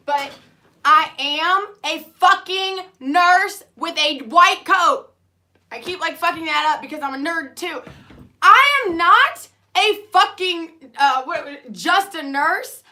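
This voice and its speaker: A woman, a nurse and lactation consultant, ranting heatedly to camera, swearing constantly and swinging from quiet asides to loud outbursts. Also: high voice. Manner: swearing, heated, fast-shifting loudness. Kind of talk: profane ranting monologue to camera.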